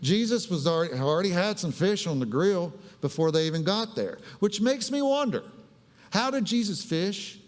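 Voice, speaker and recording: A man's voice: high voice, animated, normal speed, long reverb tail. A man preaching a conversational, humorous sermon in a church. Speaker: pastor. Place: church sanctuary.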